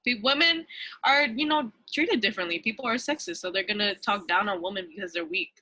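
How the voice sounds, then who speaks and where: A woman's voice: on the high side, lively intonation, a little fast, sharp tone, no echo, poor audio. A young woman co-hosting a casual podcast, rambling through stories and swearing freely. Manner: loose, swearing, rambling storytelling. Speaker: podcast co-host. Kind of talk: casual chat.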